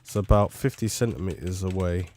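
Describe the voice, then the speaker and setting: A man's voice: low-pitched, brisk, warm tone, a little hiss or hum. A man talking casually and rambling a little as he tests a studio condenser microphone at his desk at home. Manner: rambling, chatty, self-commenting. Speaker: tech reviewer. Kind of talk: casual microphone test talk. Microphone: close studio condenser mic.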